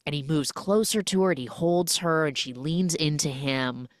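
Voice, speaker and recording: A woman hosts a recap podcast, telling a film's plot in an animated, chatty way full of asides. Her voice sits low for a woman. It sounds close and dry. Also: normal speed, no echo. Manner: animated storytelling with casual asides. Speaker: podcast host.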